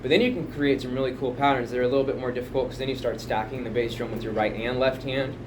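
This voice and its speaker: A man's voice: mid-range voice, fairly even intonation, fast talker, noisy background. A man casually explaining a drum pattern, rambling and chatty, counting beats aloud at home. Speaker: drum teacher. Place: home music room. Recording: home room, mic picking up loud drum kit from a distance.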